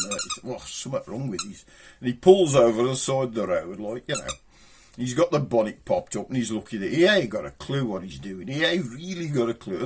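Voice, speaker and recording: A man's voice: medium pitch, breathy edge. An older man rambling through jokes and stories in a chatty, self-amused way. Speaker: joke teller. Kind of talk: casual storytelling monologue.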